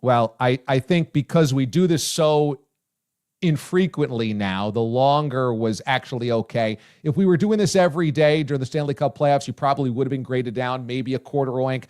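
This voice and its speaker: A male sports radio host giving loud, effusive praise and chatting casually with his guest. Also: medium pitch, normal speed, clean tone. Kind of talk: casual talk radio chat.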